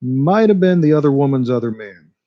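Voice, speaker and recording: A man, a guest musician on a radio show, talking in a relaxed, easygoing way. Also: medium pitch, brisk. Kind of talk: casual radio interview. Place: radio studio. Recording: dull lo-fi radio broadcast.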